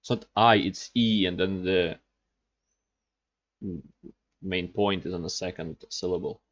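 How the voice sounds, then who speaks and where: Guy reacting to a vid, kinda low voice, keeps hunting for words, muffled cheap mic. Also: steady tone, unhurried. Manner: hesitant, searching for words. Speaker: reaction streamer. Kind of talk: casual commentary.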